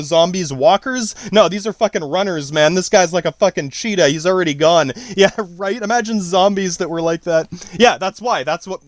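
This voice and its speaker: A man's voice: high voice, no room sound, clean studio sound. A man rambling through a profane solo podcast monologue, breaking off and restarting his sentences. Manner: profane, rambling, self-interrupting. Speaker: podcast host.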